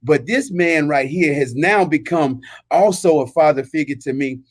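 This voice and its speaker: A man's voice: a little high, moderate pace, no echo. Earnest man hosting a podcast. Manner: heartfelt, earnest. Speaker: host. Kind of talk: podcast introduction.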